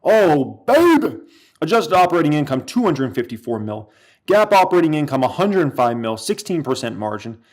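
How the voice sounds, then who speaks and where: Male streamer, slightly high voice, wildly animated, yelling and cursing with excitement. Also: fairly quick. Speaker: livestream host reacting to stock news. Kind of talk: excited livestream reaction.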